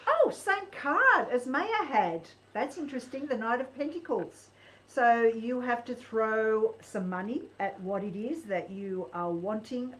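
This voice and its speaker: A woman's voice: medium pitch, slight background noise, low-quality recording. Earnest woman reading tarot. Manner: earnest, encouraging, animated. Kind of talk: tarot reading on a live stream.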